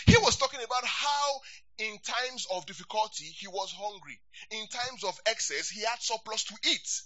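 A man preaching a sermon as pastor, animated and calling for responses from the congregation. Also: high-pitched, fairly quick, dry recording, dull audio.

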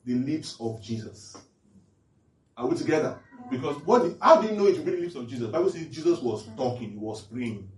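Preaching from the Bible with lively intonation and a slightly fast pace, a mid-voiced male pastor keeps testing his listeners with repeated questions in an interactive sermon, captured by a far-off mic in an echoey room.

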